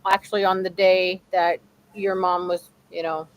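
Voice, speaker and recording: A woman's voice: lowish voice, little pitch movement, moderate pace, low-quality recording. A middle-aged woman co-hosting a paranormal talk show over a video call, chatty and supportive. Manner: chatty, supportive with frequent affirmations. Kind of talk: casual conversation.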